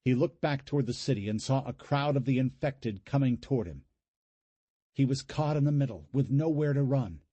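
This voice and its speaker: A man reads a horror audiobook with a dark, husky voice whose pitch rises and falls a lot. The reading is dramatic and recorded dry and close, with no room sound. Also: animated, moderate pace, dry recording, muffled recording. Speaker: audiobook narrator. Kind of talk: scripted horror narration.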